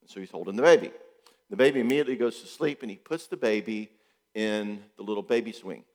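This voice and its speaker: A man, a counselor, giving a talk to an audience, animated and acting out bits of dialogue. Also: lowish voice, fast, long reverb tail. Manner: animated, acts out quoted dialogue.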